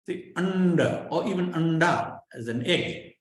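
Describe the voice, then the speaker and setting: A man leads an online class, sounding each syllable out slowly and patiently. He keeps pausing to check his listeners follow. His voice rings in a very echoey room. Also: on the high side, animated. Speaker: Sanskrit pronunciation teacher. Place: online class over a video call.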